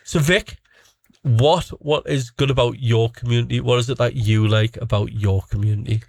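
A man's voice: medium pitch, fairly even intonation, gravelly, a little mellow, slightly rough, no echo. Joking radio host man. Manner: joking, teasing, quick asides. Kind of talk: casual radio banter. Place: radio studio.

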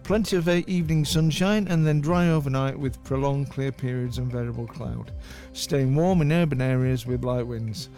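A man's voice: mid-range voice, steady tone, moderate pace, mellow, soft background music. A man reading a radio weather forecast, hesitant and stumbling over his words, with ums and apologies. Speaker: weather presenter.

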